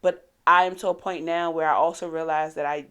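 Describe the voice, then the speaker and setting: A woman, co-hosting a podcast in candid casual chat, blunt and profane, telling animated stories. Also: sits low, fairly quick, smooth. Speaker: podcast co-host.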